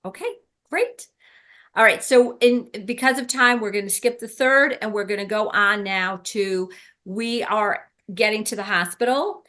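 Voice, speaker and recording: A woman's voice: medium pitch, measured pace, sharp tone. A woman leading a workshop for birth helpers, talking casually with many ums and restarts. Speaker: doula trainer. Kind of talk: workshop teaching.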